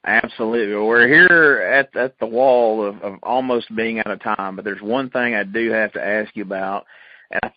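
A man's voice: on the low side, moderate pace, dry recording, dull audio. Folksy man hosting a radio chat. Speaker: radio talk show host.

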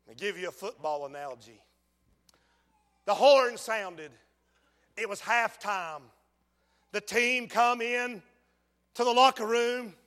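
A man preaching a fiery sermon in a large church, swinging from hushed pleading to shouting. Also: high voice, takes it slowly, pauses often. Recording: long church hall reverb.

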